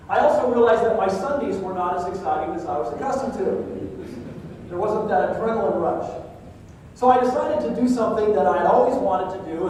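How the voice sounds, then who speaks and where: A man's voice: high-pitched, a little mellow, slight background noise. An older man giving a conference keynote, telling a vivid story and acting out the other people's lines. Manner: vivid storyteller, acts out dialogue. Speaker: keynote speaker. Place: conference hall. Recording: echoey hall, distant mic.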